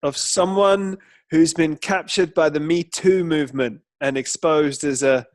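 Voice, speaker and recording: A man's voice: fairly high pitch, measured pace, a little mellow, dry recording. A man co-hosting a football chat, telling jokes in a dry storytelling manner. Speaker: co-host.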